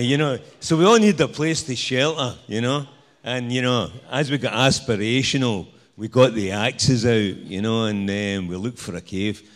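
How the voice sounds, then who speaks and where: A man with a Scottish accent giving a live stage talk with slides, rambling and joking, full of "you know". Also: mid-range voice. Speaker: speaker at a presentation night.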